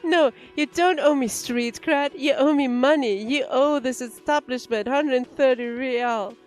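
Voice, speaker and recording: A woman's voice: high voice, measured pace, a little mellow, soft background music. A woman voicing a defensive, irritable male cafeteria manager, reading game dialogue aloud in an exasperated, lecturing way.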